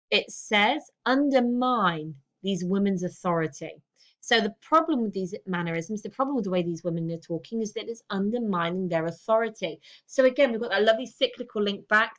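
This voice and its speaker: A woman's voice: mid-range voice, a bit bright. A woman with a British accent, teaching a recorded lesson: she reads a text aloud, then talks students through it with questions.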